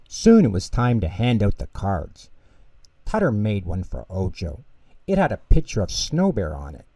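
A man reading a children's bedtime story aloud as storyteller, calm and lilting. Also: fairly low pitch, dry recording.

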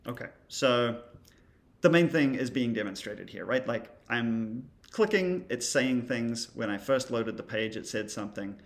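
A man's voice: mid-range voice, expressive, measured pace. A man teaching creative coding in a casual screen-recorded tutorial, thinking aloud as he demonstrates, with a wry, dry humor.

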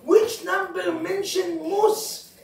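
A high-pitched male rabbi teaches a couples class with animated stories, quizzing his listeners in broken English. His voice rings through a roomy hall and is picked up from far away. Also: slow, vocal fry, slight background noise. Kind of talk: lively teaching with jokes. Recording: roomy echo, recorded from far off.

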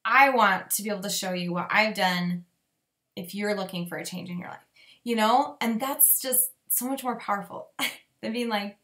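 A woman in her thirties giving a chatty training talk to fellow coaches, full of "like"s and quick laughs. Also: medium pitch, pushed and bright. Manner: chatty, many "like"s, laughs often, acts out sample posts. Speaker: fitness business coach.

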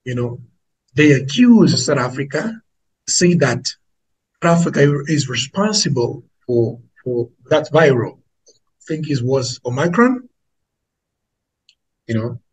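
A man's voice: mid-range voice, husky, rough recording. A man with an Angolan accent preaching to an online audience, emphatic and repetitive, calling his listeners family.

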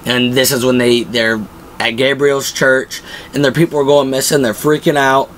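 A young man in the middle of his pitch range gushes about a show in relaxed, unscripted chat. He wanders through his points with plenty of filler words, and a faint hiss sits under the recording. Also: moderate pace, low-quality recording. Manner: rambling, filler-heavy and enthusiastic. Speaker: pop-culture show host. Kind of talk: casual fan commentary.

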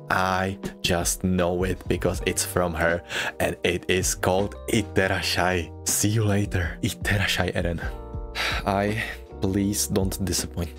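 A man reacting to anime in a casual, gushing way, his voice jumping high in excited outbursts and laughs. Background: anime music playing.

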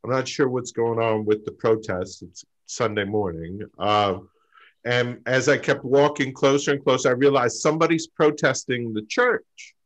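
A man doing a stand-up story over a video call, halting, with lots of fillers and pauses. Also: medium pitch, low-quality recording. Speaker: stand-up comic.

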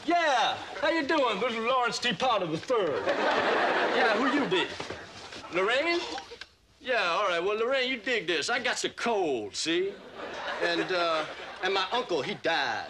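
A man's voice: high-pitched, very animated, measured pace, voice pushed up. Jive-talking phone impression by a man. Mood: mocking. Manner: exaggerated slangy drawl, laughing through it. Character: jive-talking slacker imitating a friend on the phone. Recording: noisy old TV soundtrack.

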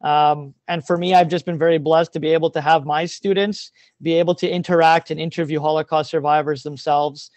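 A man's voice: a little high, little pitch movement, fairly quick, darkish tone, dry recording. A man, a teacher giving an earnest, openly emotional presentation over a video call, with many ums.

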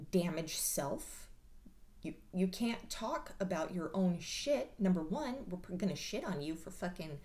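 A woman's voice: lowish voice, mellow. A woman vlogger giving a casual monologue in a blunt, profane and sarcastic way. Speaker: mental health vlogger.

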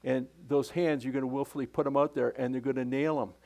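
A man preaching a sermon with passion, often restarting phrases and swinging from loud to hushed. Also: medium pitch, fairly even intonation, fast talker, creaky. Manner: impassioned, repetitive, with restarts and sudden swings in loudness. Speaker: pastor.

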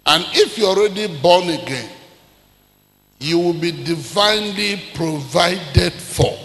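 An older Nigerian man preaching a sermon, telling stories with acted-out dialogue and rising to shouts. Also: high voice, slow. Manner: animated storyteller, acts out dialogue, swings to shouting. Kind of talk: sermon with storytelling. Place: large church hall. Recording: echoey church hall with long reverb.

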